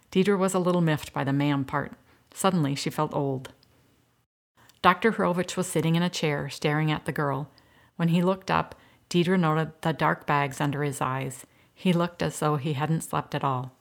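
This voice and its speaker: A woman reading a novel aloud in a steady, even narration. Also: low voice, normal speed. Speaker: audiobook narrator. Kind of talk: scripted narration.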